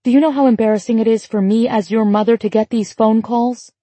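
A woman voicing a brisk adult mother who questions her young daughter firmly and pointedly, read as part of an audiobook. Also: a little high, fairly even intonation, warm tone, no echo, close to an everyday voice. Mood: stern.

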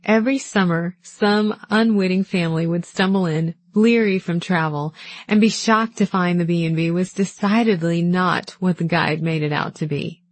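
A woman narrating a first-person novel in a calm, measured, gently wistful way. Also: lowish voice, dry recording. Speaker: audiobook narrator.

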